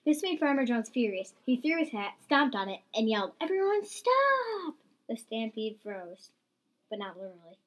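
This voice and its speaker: A woman's voice: fairly high pitch, normal speed, rough recording. Woman reading a homemade story.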